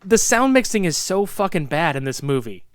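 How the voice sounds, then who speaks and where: A man's voice: fairly high pitch, normal speed, clean tone, dry recording. A man in his thirties co-hosting a podcast, reviewing a film in casual, profane chat and acting out its scenes. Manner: excitable, swearing, acts out movie lines. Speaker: podcast co-host.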